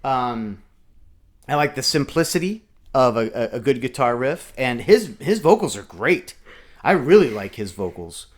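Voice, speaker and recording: A middle-aged man chats casually as a reaction co-host. He muses out loud, often restarting his sentences as he works out what he thinks. His pitch sits in an ordinary middle range for a man. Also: sing-song. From United States. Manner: musing, thinks aloud with halting restarts. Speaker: reaction video co-host, father.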